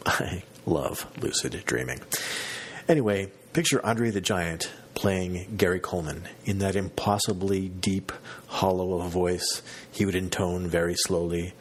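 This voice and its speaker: Low husky storytelling man. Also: a little slow. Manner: animated, self-mocking storyteller. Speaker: podcast host. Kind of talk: casual storytelling monologue.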